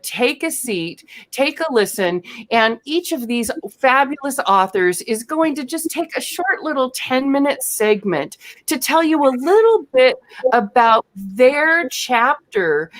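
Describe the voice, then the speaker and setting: A woman hosting an online talk show, introducing guests in a chatty, enthusiastic way with frequent pauses to search for words. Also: a little high. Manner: chatty, enthusiastic, many um fillers. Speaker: host.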